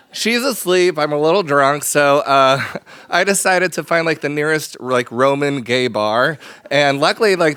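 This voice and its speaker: A man's voice: mid-range voice, fairly bright tone, smooth, no room sound, studio quality. A man telling a personal story on stage, chatty and self-deprecating, often breaking into laughter and full of fillers. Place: stage before a live audience.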